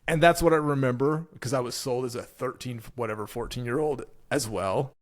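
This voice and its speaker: A man's voice: medium pitch, fairly quick. A man co-hosting a podcast in casual chat, enthusiastic and swearing freely. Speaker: podcast co-host.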